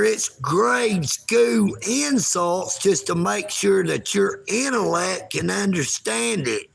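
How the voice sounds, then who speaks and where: Slow, gravelly man ranting. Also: sits high, bright, forceful tone. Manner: folksy, taunting, talks of himself in third person. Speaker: live streamer. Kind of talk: livestream rant.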